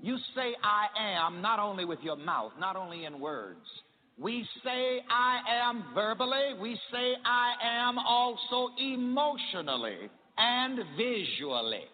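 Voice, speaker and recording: A man's voice: sits high, lively intonation, slow, long reverb tail, narrow, tinny audio. A man preaching a sermon in call-and-response style, having the congregation repeat his lines.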